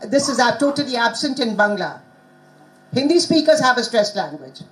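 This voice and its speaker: Woman, slightly high voice, lecturing on pronunciation, brisk coaxing prompts, conference hall. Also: big pitch swings. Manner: coaxing, drills audience with quick prompts. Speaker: conference speaker teaching pronunciation. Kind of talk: interactive pronunciation lesson.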